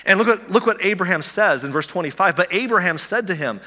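A man preaching a sermon in a church, eager and excitable, often restarting his words and asking the listeners rhetorical questions. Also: high-pitched, quick pace, hardly any pauses. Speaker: pastor. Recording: long hall reverb.

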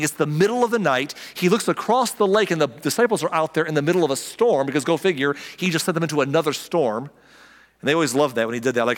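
A man's voice: fairly high pitch, a bit bright. Man preaching casually in a reverberant hall. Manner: conversational, acts out the characters' lines. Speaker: pastor. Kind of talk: casual sermon.

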